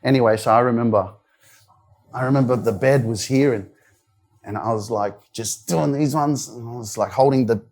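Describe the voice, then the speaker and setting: An Australian man in his younger years speaks at a live motivational event. He tells his own story in a loose, candid way, full of "like" and "you know". His voice sits at an ordinary middle pitch. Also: moderate pace, darkish tone. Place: wellness centre event room.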